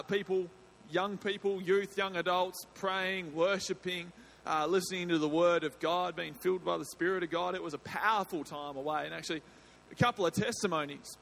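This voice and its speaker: High, bright-voiced energetic pastor. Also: male voice, vocal fry, a little hiss or hum. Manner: energetic and joking, with loose filler-laden phrasing. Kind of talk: sermon, addressing a congregation. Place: church service.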